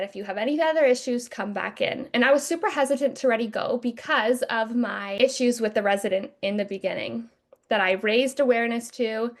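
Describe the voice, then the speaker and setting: Young female podcast host, fairly high voice, candid and animated storyteller, swears casually. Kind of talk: emotional personal storytelling.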